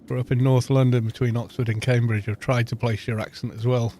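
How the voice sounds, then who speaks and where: A man's voice: medium pitch, flat delivery, fairly quick, dark tone, a little hiss or hum. Self-mocking Welsh man streaming a game. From Wales. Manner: self-mocking, rambling, chatty. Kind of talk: casual gameplay chat.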